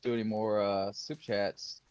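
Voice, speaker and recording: A man's voice: on the low side, flat delivery, normal speed, darkish tone, clean tone, no echo, lo-fi sound. A man joining a game chat with dry jokes. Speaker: co-player. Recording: faint music behind.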